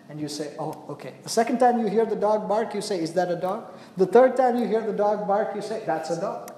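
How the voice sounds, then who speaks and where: A man preaching a sermon in a conversational way, often checking in with "right?" and dropping softly on asides. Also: sits high. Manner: conversational, asks "right?" often, drops to a hush on quiet asides. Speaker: pastor. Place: church hall. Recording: echoey hall, voice from a distance.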